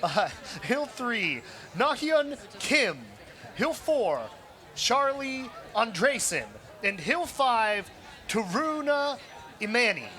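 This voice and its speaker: High-voiced man calling a race. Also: very animated, bright, forceful tone. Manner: reads team lineups, brisk play-by-play. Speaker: race commentator. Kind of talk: live sports commentary. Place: outdoors at a street race. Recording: outdoor crowd noise.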